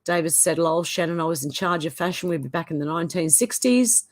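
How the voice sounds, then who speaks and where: Female Australian host, lowish voice, reads live chat aloud, chatty asides, easy laughs. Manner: chatty asides between comments, quick laughs. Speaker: livestream host. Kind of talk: reading out live chat comments.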